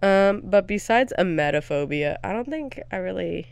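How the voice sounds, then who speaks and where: A woman's voice: medium pitch, animated, normal speed, creaky, clear, resonant tone, dry recording. A young woman co-hosting a podcast, chatting casually and telling rambling stories with frequent laughs. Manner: rambling storyteller, laughs often. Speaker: podcast co-host. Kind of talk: casual chat.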